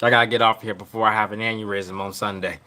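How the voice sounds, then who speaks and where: A man's voice: on the low side, steady tone, fast, sharp tone. A man hosting a live podcast stream, ranting about his team's coach in a rambling, exasperated way, repeating himself and trailing off. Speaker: podcast host.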